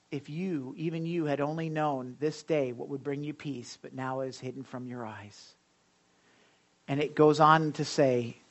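A pastor giving a conversational sermon in a church service, often stumbling over and repeating words and asking the congregation questions. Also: medium pitch.

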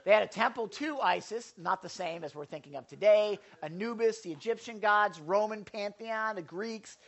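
A man's voice: high voice, moderate pace, creaky, a bit bright. A male pastor giving a conversational sermon, with joking asides to the congregation and frequent stammered restarts.

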